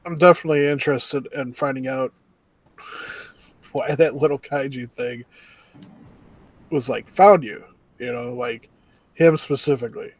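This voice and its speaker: A man's voice: medium pitch, fairly even intonation, unhurried, pauses often, low-quality recording. A man co-hosting a casual review chat, hesitant, with many fillers and trailing endings. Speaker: podcast co-host.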